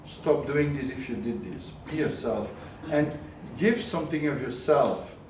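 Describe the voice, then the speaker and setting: A man's voice: medium pitch, a little slow, a little mellow, far from the mic, a little hiss or hum. A man giving a live coaching talk to a group, questioning the audience often and mixing in words of another language. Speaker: business coach. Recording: echoey room, voice from afar.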